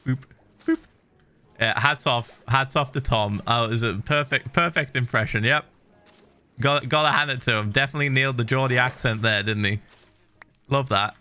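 A man's voice: medium pitch, normal speed, sharp tone, clean tone. A man in his thirties chatting casually on a livestream, swearing freely and muttering little sound effects while he builds. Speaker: streamer.

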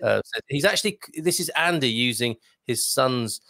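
A man's voice: medium pitch, expressive, normal speed, gravelly, sharp tone, a little hiss or hum. A man hosting a casual livestream, chatting playfully and reading out viewer comments. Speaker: host.

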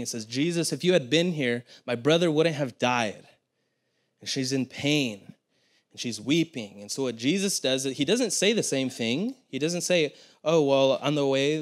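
A young man, a pastor, giving a sermon in an earnest, conversational way, with frequent restarts and asides to the congregation. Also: mid-range voice.

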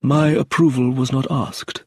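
A man voicing a calm, cold middle-aged gentleman who answers slowly and guardedly, with a husky voice. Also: medium pitch, dry recording, clean studio sound, voice pushed up.

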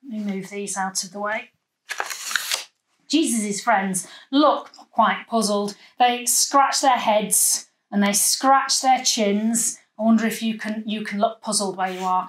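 A woman leading a children's church session, telling a Bible story with lively voices and asking the children at home to join in. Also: medium pitch. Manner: animated, acting out the story with voices and gestures.

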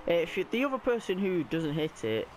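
A young man giving live, excitable commentary on his own gameplay, often shouting and squealing as his voice cracks high. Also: normal speed, a little hiss or hum. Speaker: gaming YouTuber.

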